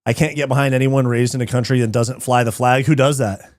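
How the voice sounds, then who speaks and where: A man's voice: mid-range voice, fairly even intonation, fast, a little mellow, dry recording, studio quality. A man hosting a live fight watch party, chatting casually, reading chat aloud, swearing often and laughing easily.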